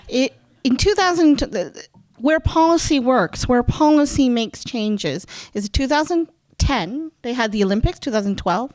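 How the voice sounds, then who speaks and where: A woman's voice: a little high, animated, a little slow, no echo. A woman speaking on a panel discussion, thoughtful and explanatory, repeating phrases as she works through a point.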